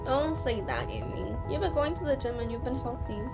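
Woman, game streamer, teary, emotional rambling, highish voice, game music behind. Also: sing-song, fairly quick. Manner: emotional, rambling reactions to the story. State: teary after crying. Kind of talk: live game playthrough commentary.

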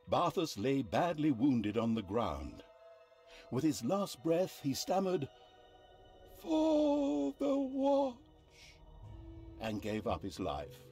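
Dry witty fantasy narrator, swings his pitch all over, takes his time, faint game music underneath. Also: a little mellow. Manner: sardonic, theatrical. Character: wry male storybook narrator of a dark fantasy game.

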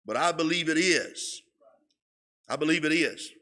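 Slow, emphatic preacher man. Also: a little high, sharp tone. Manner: slow and emphatic, stretching key words, often repeating words. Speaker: Sunday school teacher. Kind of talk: sermon-style Bible lesson. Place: church sanctuary.

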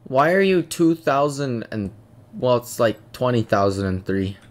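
A man's voice: medium pitch, lively intonation, a little slow. Swearing young-sounding gamer guy on headset. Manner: swearing, joking banter. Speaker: gamer playing online. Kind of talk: casual voice chat while gaming.

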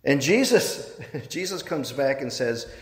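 A man, a priest, giving a sermon, telling a story with halting restarts. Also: mid-range voice, big pitch swings. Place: church. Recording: echoey church with long reverb.

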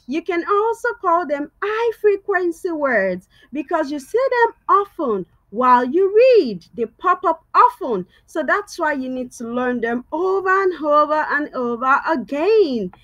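A woman teaching sight words to young children, coaxing them and calling out each word loudly for them to repeat. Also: sits high, sing-song, measured pace, hardly any pauses, dull audio. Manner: sing-song, coaxing, repeats words loudly for kids to echo. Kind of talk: children's reading lesson.

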